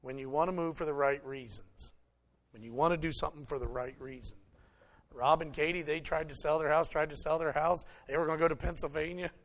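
Folksy pastor, a man with a slightly high voice. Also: steady tone, brisk. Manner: folksy, joking, speaks to the congregation directly. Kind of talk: conversational sermon.

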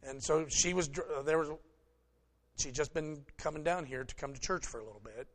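A middle-aged male pastor gives a relaxed, folksy sermon and talks to the congregation as if chatting with friends. His voice sits a little above the usual male pitch. He slips in wry jokes between the points he makes. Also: brisk. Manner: folksy, joking, speaks to the congregation directly. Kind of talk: conversational sermon.

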